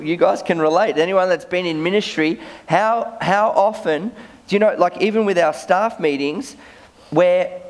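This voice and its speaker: A man preaching a sermon as a pastor, conversational, often repeating words as he starts sentences. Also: sits high.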